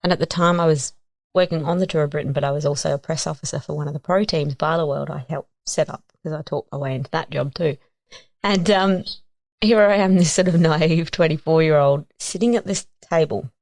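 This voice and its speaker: An Australian woman in her thirties tells a story on a podcast. Her voice is low and she talks in an animated, casual way, slipping into other people's voices as she goes. The sound is dry and close to the mic. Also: brisk, no room sound. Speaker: guest.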